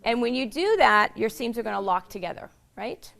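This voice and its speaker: A hoarse woman casually demonstrating quilting steps to a small group, chatty and explaining each step as she sews. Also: a little high, animated, a little fast, fairly bright tone. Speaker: quilting instructor.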